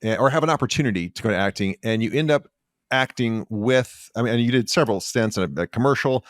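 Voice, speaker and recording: A man's voice: medium pitch, fast, no echo. Host guy in his fifties, mid voice, eager long questions, dry sound. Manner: enthusiastic, long rambling questions. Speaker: podcast host. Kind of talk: casual interview.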